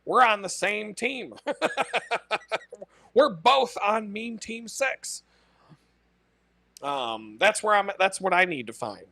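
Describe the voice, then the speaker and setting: A man rattles off a brash, foul-mouthed story and laughs at his own punchlines. His voice sits high and bright. The mic is close and dry, with no room sound at all. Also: lively intonation, slow, vocal fry, long pauses, dry recording. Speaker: podcast host. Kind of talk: casual profane storytelling monologue.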